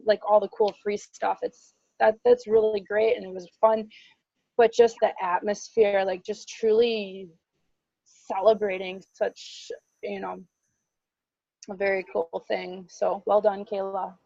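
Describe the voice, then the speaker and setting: A woman talking in a casual group chat, earnest and halting, with fillers. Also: mid-range voice, level tone, vocal fry, warm tone, dry recording, highs cut off.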